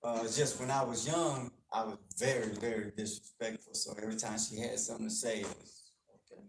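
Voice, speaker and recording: A man's voice: fairly low pitch, fairly even intonation, brisk, gravelly, a little hiss or hum. A man from Texas giving an earnest, plainspoken talk about his past to a university audience, acting out the people he quotes. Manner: earnest, plainspoken, acts out dialogue. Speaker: guest speaker on gang culture. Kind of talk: personal storytelling to an audience. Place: university lecture room. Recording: echoey room, faint clicking.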